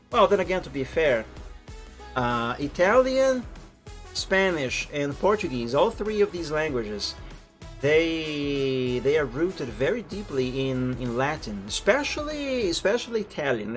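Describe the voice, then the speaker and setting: A young man with a foreign accent, chatting casually and rambling while he streams a driving game, over loud background music. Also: a little high. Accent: foreign accent in English. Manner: chatty, rambling, self-correcting. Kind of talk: casual live-stream chat while playing. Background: lofi music and truck engine.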